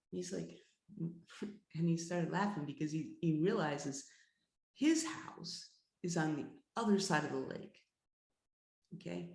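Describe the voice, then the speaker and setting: Female storyteller-teacher, low and gravelly, suspenseful and repetitive delivery, roomy echo. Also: darkish tone. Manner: repeats words, builds suspense, slows down for drama. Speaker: healer and teacher. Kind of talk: oral storytelling in a class.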